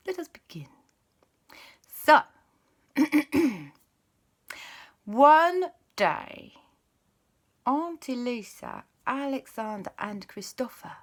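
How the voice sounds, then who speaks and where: A woman's voice: medium pitch, sharp tone. A young woman hosting a show and telling a children's story, playful and chatty, with asides to her young listeners.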